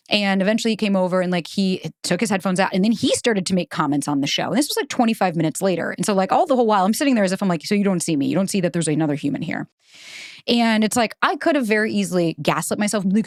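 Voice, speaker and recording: A woman's voice: mid-range voice, expressive, quick pace, dry recording, studio quality. A woman hosting a solo podcast, telling stories candidly and animatedly, acting out quotes and swearing freely. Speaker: podcast host and relationship coach.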